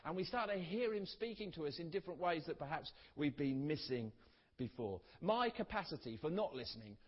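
A man preaching a sermon, earnest and storytelling, letting key words trail off softly. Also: on the high side, slightly rough. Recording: dull recording in a reverberant hall.

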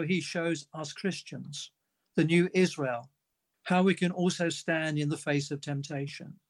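Man, preacher, earnest sermon delivery, fairly high voice. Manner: earnest, reads a story aloud with quoted dialogue.

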